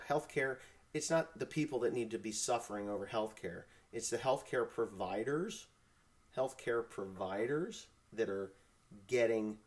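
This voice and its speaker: Fired-up ranting farmer man. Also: medium pitch. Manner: fired-up, blunt, swears, rants. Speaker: farm talk show host. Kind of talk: casual ranting live chat.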